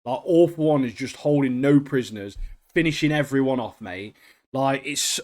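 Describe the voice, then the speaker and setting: A man, co-hosting a podcast in excitable, slangy casual chat. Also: mid-range voice, moderate pace. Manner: excitable, slangy, keeps saying mate. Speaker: podcast co-host.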